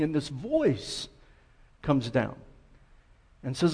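A man preaching a sermon, telling stories in a conversational, relaxed way. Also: mid-range voice, slow, pauses often, husky. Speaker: pastor.

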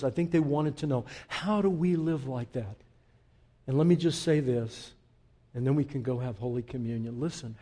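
A man preaching a sermon in a church sanctuary, his voice warm and mellow and pitched a little high. He moves between quiet, slowed reflection and soaring, forceful declarations. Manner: impassioned, swinging from hushed to loud emphatic preaching. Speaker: pastor.

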